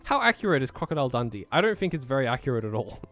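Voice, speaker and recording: A man's voice: mid-range voice, sing-song, rapid-fire, a bit bright, no room sound, soft background music. Laid-back streamer man with an American accent. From Australia. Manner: laughs often, easygoing, trails off with fillers. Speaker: live streamer. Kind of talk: casual live-stream chat, reading chat questions.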